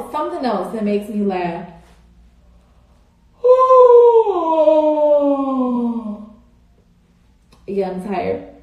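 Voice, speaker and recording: A woman's voice: medium pitch, darkish tone. A young woman, chatting casually and rambling to her viewers on a phone live stream, full of "like" and "y'all". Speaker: social media personality on a live stream. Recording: very echoey room on a phone.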